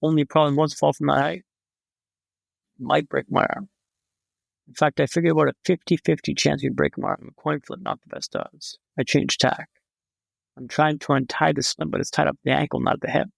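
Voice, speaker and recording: A young man tells his story in a raised, gravelly voice that keeps sliding into vocal fry. He is a vivid, dramatic storyteller with a wry sense of humor. The sound is close and dry, with no room around it. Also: fairly high pitch, fairly even intonation, normal speed, dry recording. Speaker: podcast guest. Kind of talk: storytelling in a conversation.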